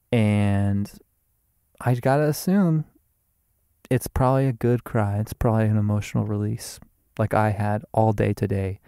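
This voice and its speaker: A man with a low, gravelly voice rambles through an improvised solo monologue. His tone is dark and dry, loose and self-amused, with casual swearing throughout. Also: dry recording. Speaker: podcast host.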